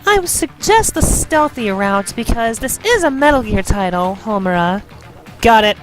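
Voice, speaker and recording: A woman giving loud, playful gaming commentary, bickering as she plays. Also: fairly high pitch, big pitch swings, a little slow, faint music behind. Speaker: let's play host.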